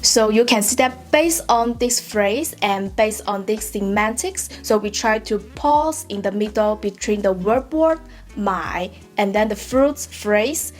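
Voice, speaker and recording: A woman with a Chinese accent, a native Mandarin speaker, teaching a patient online language lesson, often checking in with "right?" and saying example words slowly. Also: mid-range voice, faint music behind. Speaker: Mandarin tutor.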